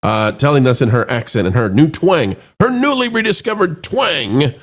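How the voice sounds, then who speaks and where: Sarcastic man with a lively swooping voice. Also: moderate pace. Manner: sarcastic and mocking; dramatic swings between high and low voice. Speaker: commentary show host. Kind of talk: opinionated news commentary.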